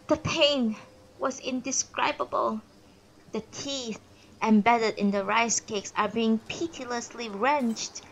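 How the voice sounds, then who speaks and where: A woman reading a classic novel aloud on a live stream, expressive with pauses and small self-corrections. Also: fairly high pitch, low-quality recording. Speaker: narrator and streamer.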